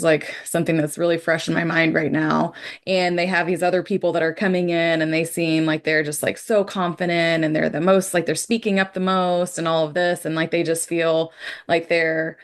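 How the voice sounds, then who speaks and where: A woman hosting a podcast, a therapist who thinks aloud in a reflective, meandering way. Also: on the low side. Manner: thinks aloud, many "like" fillers.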